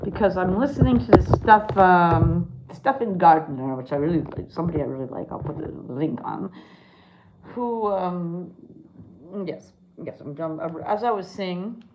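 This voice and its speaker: A woman's voice: lowish voice, expressive, measured pace, darkish tone, a little hiss or hum, poor audio. Rambling woman live-streaming from her kitchen. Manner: rambling and emphatic, with many fillers. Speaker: clown and mime teacher hosting a live stream. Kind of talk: casual live stream chat. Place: home kitchen.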